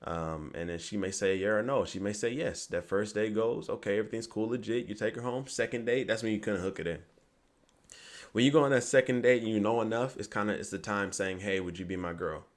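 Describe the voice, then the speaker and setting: A man's voice: lowish voice, a little fast. A young man giving rambling casual dating advice to camera, often asking "you get me?". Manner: rambling, repeats "you get me", acts out quoted lines.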